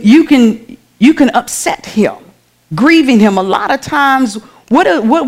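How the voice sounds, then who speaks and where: A woman's voice: a little high, darkish tone. Woman preaching to her congregation. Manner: conversational, calls out to the congregation. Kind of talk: sermon. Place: church.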